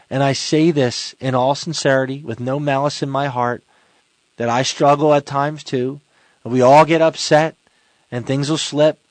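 A man's voice: medium pitch, dry recording. Earnest man preaching a sermon. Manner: earnest, exhorting, slows for emphasis. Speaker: Catholic preacher.

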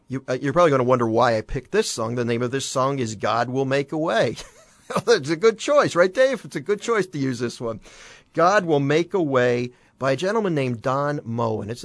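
A man's voice: medium pitch, animated, moderate pace, no echo. A man leads a conversational Bible teaching between songs, explaining scripture in plain everyday words. He leans on rhetorical questions and folksy asides. His voice sits close to the mic in a dry, dead-sounding space. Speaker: host and preacher.

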